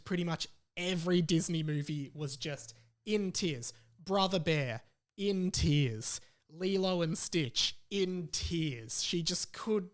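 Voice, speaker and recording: A man from Australia hosting a solo podcast, chatting in a rambling, enthusiastic way. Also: high-pitched. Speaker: podcast host. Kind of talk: casual solo podcast chat.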